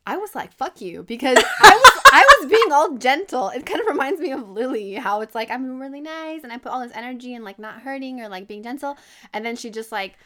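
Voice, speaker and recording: A woman's voice: high voice, expressive, a little fast, noisy background. A woman co-hosting a podcast in casual chat, blunt and swearing freely as she retells stories with animation. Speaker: podcast co-host.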